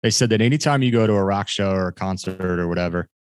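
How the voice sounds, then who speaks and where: A man's voice: sits low, fast talker, clear, resonant tone. A man co-hosting a sports podcast, chatting casually with a joking, sarcastic manner. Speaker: podcast co-host.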